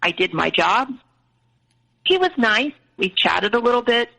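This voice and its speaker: A woman's voice: a little high, expressive, a little slow, creaky, bright, forceful tone, low-quality recording. A woman guest in an interview, candidly retelling a personal story in a conversational way.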